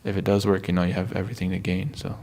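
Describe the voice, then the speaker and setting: A man in casual conversation, speaking in a relaxed way with lots of fillers. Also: deep voice, racing.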